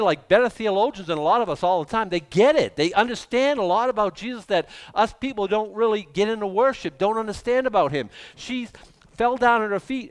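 Man preaching, sermon, animated swings from hushed to loud, fairly high voice, very lively pitch.

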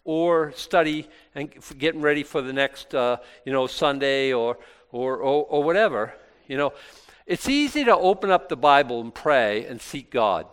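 A man's voice: medium pitch, animated, moderate pace, fairly bright tone, clean tone. A male pastor giving an informal Bible talk, chatty and self-deprecating, with many restarts. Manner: conversational, rambling with many restarts; self-deprecating and lightly joking.

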